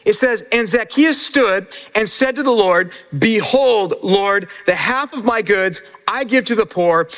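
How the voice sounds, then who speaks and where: A man's voice: high-pitched, fairly bright tone, long reverb tail. A man preaching as pastor in a casual, conversational sermon, often repeating words as he builds a point.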